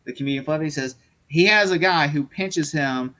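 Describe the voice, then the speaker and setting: A man's voice: a little high, normal speed, pushed and bright. A man hosting a casual movie interview, telling stories animatedly and mimicking people as he laughs. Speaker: interview host. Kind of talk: casual chat about movies.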